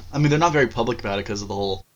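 A man co-hosting a casual wrestling podcast, giving measured opinions with dry asides. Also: lowish voice. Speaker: podcast co-host. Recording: dull lo-fi mic.

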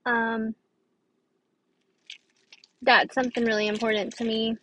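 A woman's voice: a little high, flat delivery, unhurried, pushed and bright, a little hiss or hum, low-quality recording. Tired-sounding young woman chatting casually. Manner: chatty, rambling, with fillers and restarts. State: tired, dry throat. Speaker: podcast host. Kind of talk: casual advice podcast.

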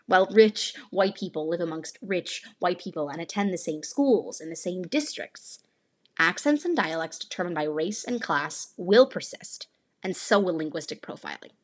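A woman's voice: fairly low pitch, husky. A woman from Northern California hosting a podcast, giving an earnest, explanatory scripted narration. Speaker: podcast host.

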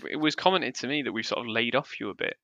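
A man with a bright voice that has a gravelly edge co-hosts a casual podcast. He sounds close and dry on the mic, and his banter is wry and mock-indignant. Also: mid-range voice, expressive, very fast, dry recording. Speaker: podcast co-host.

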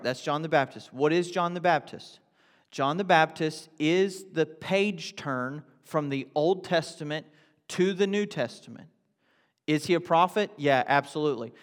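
A man's voice: a little high, in a large hall. A man preaching a sermon in a conversational way, asking questions and building to emphatic repetition. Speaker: pastor.

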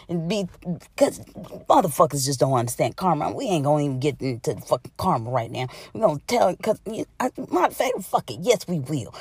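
A woman's voice: mid-range voice, a little mellow, husky, dry recording. A woman hosting a comedy-therapy podcast, delivering a profane, emphatic rant full of repetition. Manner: heavy cursing, emphatic and repetitive. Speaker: podcast host.

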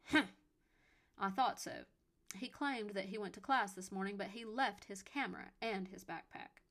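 A woman's voice: mid-range voice, moderate pace, a bit bright. Woman as a nagging older mother-in-law in an audiobook, scoffing and disapproving. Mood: complaining. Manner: scoffing, complaining.

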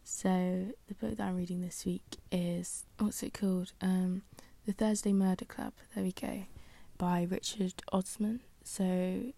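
A woman's voice: fairly low pitch, little pitch movement, a little slow, gravelly, dark tone, dry recording. A young woman hosting a solo podcast, chatting casually and rambling with many fillers and self-deprecating asides. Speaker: podcast host.

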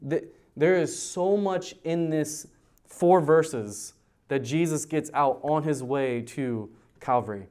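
A man's voice: on the high side, slow pace, warm tone, smooth. A man, a youth pastor, teaching a verse-by-verse sermon in a conversational way and putting questions to his listeners at a church youth service. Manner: conversational, asks the audience questions.

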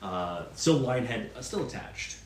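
A man narrating a tabletop role-playing game as game master, animated and laughing often. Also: medium pitch, a little slow, echoey room, recorded from a distance, a little hiss or hum.

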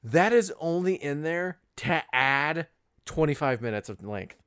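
A man's voice: a little high, expressive, unhurried, a bit bright, smooth. A man in casual conversation about a film, analytical, often restarting his sentences and quoting scenes. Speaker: podcast co-host.

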